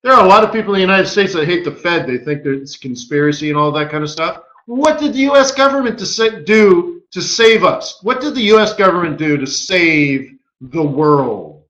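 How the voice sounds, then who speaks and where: A man hosting a live trading webinar as market strategist, talking in an animated way and tossing in rhetorical questions. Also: high voice, moderate pace, reverberant, highs cut off. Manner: animated, rhetorical, keeps asking "right?".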